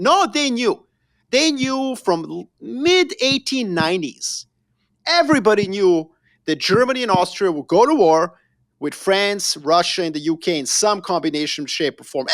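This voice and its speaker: Lively, animated man from Yugoslavia. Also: sits high. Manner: animated, emphatic storyteller who addresses the listener directly. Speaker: podcast guest. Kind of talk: casual conversation.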